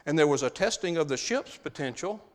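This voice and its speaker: A man's voice: on the high side, animated, a little fast, long reverb tail. A man preaching a sermon, stressing key phrases by repeating them.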